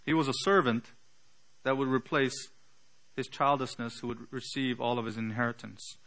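A man preaching an earnest sermon, teaching with emphatic pauses and the odd filler. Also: medium pitch, steady tone, fairly bright tone. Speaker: pastor.

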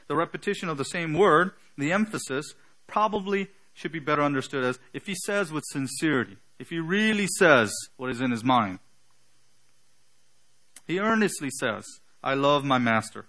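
Man, pastor, sermon, bright tone, earnest, emphatic pauses. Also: fairly high pitch.

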